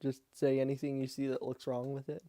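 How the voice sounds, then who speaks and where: A man's voice: mid-range voice, monotone, fairly quick, warm tone, no echo. A man hosting a casual podcast, laughing often and steering the talk. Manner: giggly, leads the talk. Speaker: podcast host. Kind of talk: casual chat.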